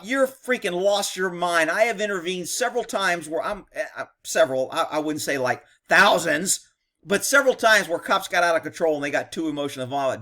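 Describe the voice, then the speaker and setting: Blunt, indignant man with a high voice. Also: expressive, fairly quick, a bit bright. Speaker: commentator reacting to police video; former police officer. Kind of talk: reaction commentary.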